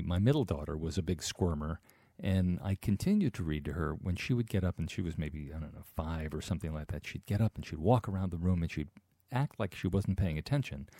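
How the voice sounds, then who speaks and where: Deep-voiced male interview host. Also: warm tone, dry recording, clean studio sound. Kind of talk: radio interview.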